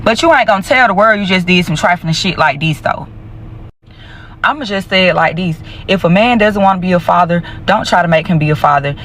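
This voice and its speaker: A blunt commentator who curses freely in casual slang. The voice is mid-pitched, with faint noise behind it. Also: animated, brisk, a bit bright. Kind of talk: commentary video.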